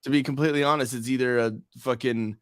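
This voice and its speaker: A man's voice: medium pitch, steady tone, fast, clear, resonant tone, dry recording, studio quality. A man co-hosting a podcast in loose, rambling chat, swearing freely and leaning on fillers. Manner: profane, rambling, many fillers. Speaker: podcast co-host.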